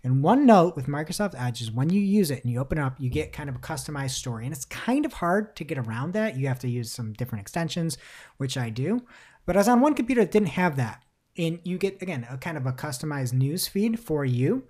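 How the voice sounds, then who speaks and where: Woman podcast co-host, casual and animated, with a very lively pitch and playful mock voices on quotes. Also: fast. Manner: animated, laughing, mock voices when quoting. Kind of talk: casual chat about search marketing news.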